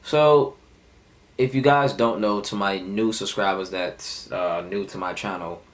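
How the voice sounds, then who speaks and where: A man's voice: on the low side, measured pace. A man in his twenties telling a heated, profane story of a fight at work in a casual vlog. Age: 20s. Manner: animated, profane, heated retelling. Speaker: vlogger.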